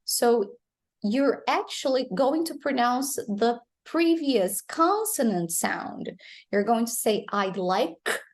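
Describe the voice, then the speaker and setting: A woman with a Brazilian Portuguese accent teaching English pronunciation, explaining slowly and modeling phrases for students to repeat. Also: fairly high pitch, lively intonation, darkish tone. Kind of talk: pronunciation lesson.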